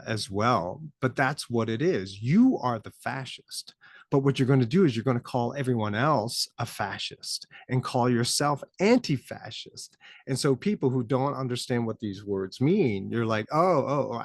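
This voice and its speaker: Give me a man talking through a topic in a relaxed, chatty way, full of rhetorical questions, dry close recording. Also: medium pitch, vocal fry, dry recording. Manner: conversational, rhetorical questions, frequent "right?". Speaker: podcast host, former teacher. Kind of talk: casual spoken commentary.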